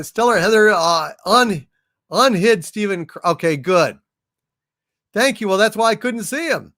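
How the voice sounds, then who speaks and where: A man's voice: sits high, no room sound, studio quality. A man hosting a casual livestream, chatting and thanking viewers for their messages. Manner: chatty and appreciative, thanks viewers warmly and often. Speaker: livestream host.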